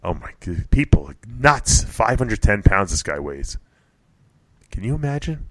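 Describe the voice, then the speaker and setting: A man hosting a radio talk show, telling animated stories and laughing as he chats. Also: on the low side, a little slow, dry recording. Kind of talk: casual chat.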